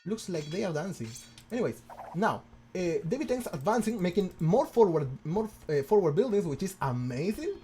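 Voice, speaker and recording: Stammering, excitable male game caster. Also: high-pitched, moderate pace, soft background music. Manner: excitable, stammering, many rhetorical questions. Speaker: game commentator. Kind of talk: casual game commentary.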